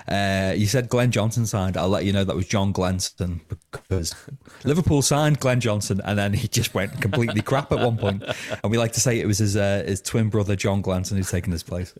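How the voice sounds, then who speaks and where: A man's voice: lowish voice, brisk, darkish tone. A man co-hosting a casual football podcast, trading wry, teasing banter. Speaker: podcast co-host.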